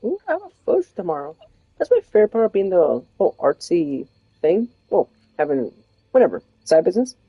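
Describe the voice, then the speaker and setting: A woman's voice: mid-range voice, big pitch swings, brisk, vocal fry, husky, dry recording, narrow, tinny audio. A woman chatting casually while streaming a game, rambling and laughing often. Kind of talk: casual chat while gaming.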